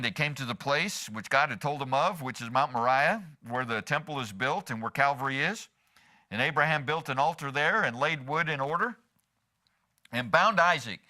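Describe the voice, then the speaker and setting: A man's voice: on the high side, sharp tone. A man as pastor preaching a sermon in church, asking the congregation rhetorical questions and slipping in humor.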